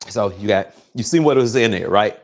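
A man hosting a casual cooking livestream, excitable and crude, joking and chatting straight to his viewers. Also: fairly low pitch, normal speed. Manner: excitable, crude, jokey, chats directly to viewers. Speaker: home cook hosting a cooking show.

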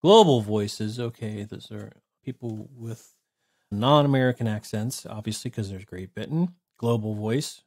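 A man in his thirties casually reviewing software, blunt and sarcastic, swearing freely. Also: on the low side, a little slow. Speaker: tech reviewer. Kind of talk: casual screen-recorded review.

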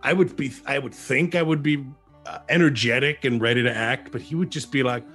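A man, an actor who is a guest on an interview show, chatting casually and telling animated stories with many restarts. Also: medium pitch, fairly quick, faint music behind.

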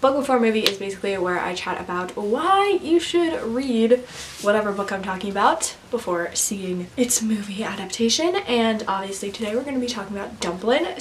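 A woman's voice: on the high side, a little hiss or hum, rough recording. Chatty young woman talking books. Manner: chatty, giggly, lots of fillers. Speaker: book vlogger. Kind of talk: casual chat to camera.

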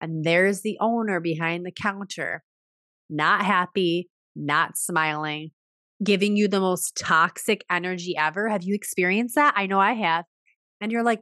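A woman's voice: moderate pace, dry recording, clean studio sound. A woman hosting a motivational business podcast, telling stories animatedly and acting out conversations. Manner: animated storytelling, acts out dialogue with big pitch jumps. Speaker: podcast host.

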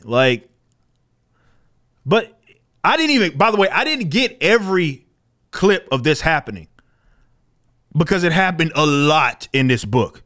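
A man's voice: on the high side, very animated, unhurried, pauses often, sharp tone. A man giving casual video commentary on comic books, blunt, profane and incredulous.

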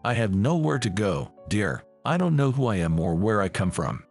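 A man's voice: lowish voice, very animated, moderate pace, gravelly, darkish tone, soft background music, pitched below the performer's own voice. A man voicing a timid, humble old homeless man in a read-aloud story, close to his own reading voice.

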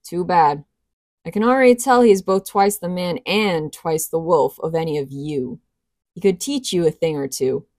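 A woman's voice: on the low side, normal speed, a little mellow, no room sound, clean studio sound, natural voice. A woman voicing a defiant young woman rebel who taunts coolly. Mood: taunting. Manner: cool, taunting.

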